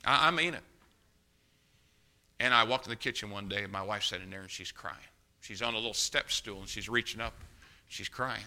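An older man delivers a sermon as a pastor, with a very bright, sharp tone. He tells plain, folksy stories and then builds to forceful, emphatic preaching. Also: lowish voice, a little fast, pauses often. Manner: folksy storytelling, rising to loud emphatic preaching.

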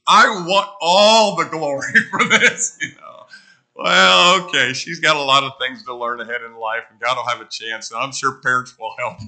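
A middle-aged male preacher gives a sermon in a church. His voice is sharp and forceful, mid-pitched, and he talks to the congregation in a chatty, storytelling way, full of asides.

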